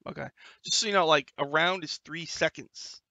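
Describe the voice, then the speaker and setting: A man's voice: a little high, moderate pace, pushed and bright, no echo. A man running a tabletop game as game master over an online voice call, talking casually with many fillers.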